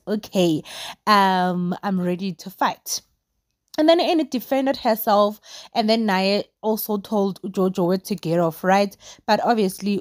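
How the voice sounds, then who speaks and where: A young woman with a South African Zulu accent giving casual, opinionated commentary on a reality show, animated and gossipy and mixing English with Zulu. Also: medium pitch, dry recording, clean studio sound. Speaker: entertainment vlogger reviewing a reality show.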